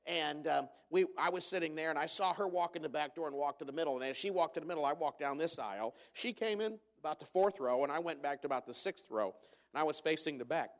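A middle-aged man preaching to his congregation in a church auditorium, with a slightly raised pitch. He tells family stories with jokes, loose and chatty, full of "uh" and restarts. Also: fast talker. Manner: storytelling with humor, many fillers and restarts. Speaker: pastor. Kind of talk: sermon.

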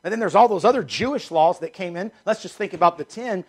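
A middle-aged male pastor preaching a sermon, emphatic and repetitive, swinging between loud declarations and hushed asides. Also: sits high, quick pace, few pauses.

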